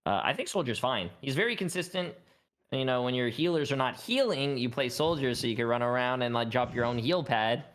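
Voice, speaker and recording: A man's voice: mid-range voice, lively intonation, a little fast, a bit bright. Laid-back slangy man on a gaming panel. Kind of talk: casual gaming panel chat.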